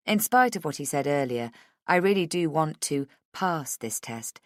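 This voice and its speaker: A woman with a low voice reads a first-person thriller audiobook. Her reading is measured and intimate, and the recording is close and dry with no room sound. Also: animated, dry recording. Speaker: audiobook narrator.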